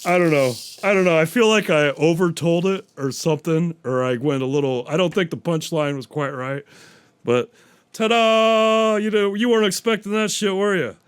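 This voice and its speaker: A man's voice: on the high side, brisk, clean tone. Profane rambling man hosting a podcast. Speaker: podcast host.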